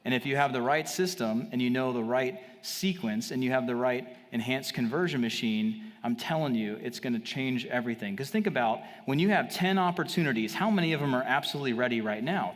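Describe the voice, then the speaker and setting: A man's voice: lively intonation, in a large hall. A man giving a confident, salesy marketing talk on stage at a live event. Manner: fast, salesy, confident pitching. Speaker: marketing speaker.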